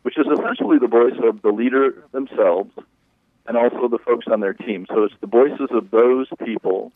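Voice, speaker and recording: A man's voice: mid-range voice, dry recording. A leadership coach explaining his approach in an interview, in a folksy, conversational way. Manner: folksy, conversational, acts out client quotes. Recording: tinny phone line.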